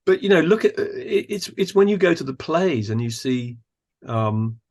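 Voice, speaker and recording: A man, a guest on a podcast, who talks thoughtfully and admiringly, often pausing to search for words. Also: fairly high pitch, big pitch swings, darkish tone. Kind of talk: thoughtful conversational discussion.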